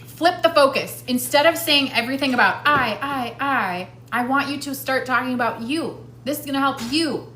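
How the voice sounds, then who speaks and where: A woman's voice: sits high, normal speed, few pauses, pushed and bright, reverberant, slight background noise. A woman hosting a live stream with casual tips, chatty and laughing often, talking while she eats.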